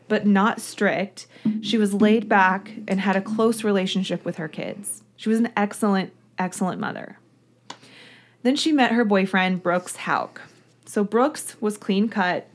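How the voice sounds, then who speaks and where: A woman co-hosting a true-crime podcast in a relaxed, chatty storytelling voice. Her pitch sits in the middle range, and she narrates the case casually with a conversational, friendly flow. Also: a little slow. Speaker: podcast co-host.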